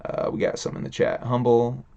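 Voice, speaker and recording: A man's voice: fairly low pitch, expressive, normal speed, lo-fi sound. A man hosting a livestream, ranting in a casual, rambling way, swearing a lot and laughing between thoughts. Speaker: stream host.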